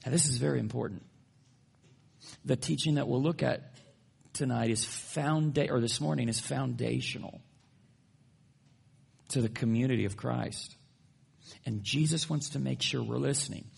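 A male pastor delivers a sermon with a gravelly, husky edge to his voice. He tells everyday stories with playful, humorous asides before turning to scripture. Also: medium pitch, normal speed, long pauses, darkish tone.

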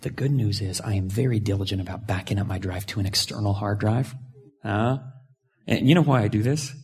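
Gravelly-voiced pastor telling a story. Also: male voice, fairly low pitch, brisk. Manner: storytelling, animated swings from hushed to loud. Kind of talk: sermon.

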